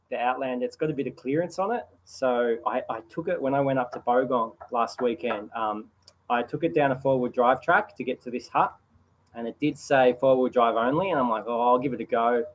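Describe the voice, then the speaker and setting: A man's voice: medium pitch, a little hiss or hum, low-quality recording. Laid-back Australian man by a campfire. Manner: relaxed, chatty, reads viewer comments aloud. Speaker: host answering viewer questions. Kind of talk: casual livestream chat. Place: outdoors by a campfire at night.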